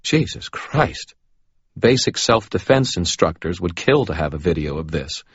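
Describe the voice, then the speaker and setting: A man's voice: low voice, animated, normal speed, husky, no room sound. A man reading a first-person audiobook in a dry, matter-of-fact way. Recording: dull lo-fi recording.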